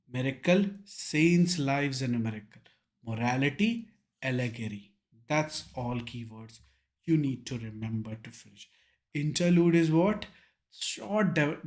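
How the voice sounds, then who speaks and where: A young man with an Indian English accent teaching an online exam revision lecture, drilling key terms with emphasis and mixing in Hindi words. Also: mid-range voice.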